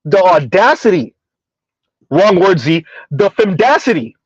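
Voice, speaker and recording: Sarcastic high-voiced Southern man commentating. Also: sing-song, measured pace, breathy edge, no room sound, dull audio. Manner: sarcastic, mocking, emphatic. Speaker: commentary streamer. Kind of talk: reaction commentary to live chat.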